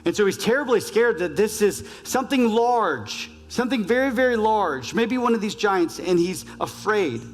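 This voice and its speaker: A man's voice: high voice, lively intonation, moderate pace, hardly any pauses. Earnest male pastor in an echoing church. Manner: earnest, builds with repeated phrases. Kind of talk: sermon. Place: church sanctuary. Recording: reverberant church hall, faint music.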